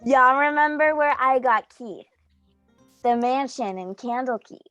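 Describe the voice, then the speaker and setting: A woman's voice: high voice, measured pace, sharp tone, dry recording, dull audio. A woman speaks in character during a tabletop role-play session. She rambles and fills her thoughts with "like" and "um". Her voice sounds dry and close, with faint music underneath. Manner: rambling, full of "like" and "um". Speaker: tabletop game player.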